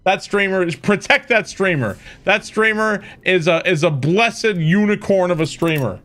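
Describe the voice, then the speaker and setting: Casting: male game streamer, high, bright voice, exasperated profane rants. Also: moderate pace. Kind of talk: casual gameplay commentary.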